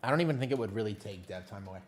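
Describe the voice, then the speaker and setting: A man streaming a game, chatting casually with his viewers in quick, jumpy banter. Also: on the low side. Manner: animated, jumpy banter with chat. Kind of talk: casual chat while gaming.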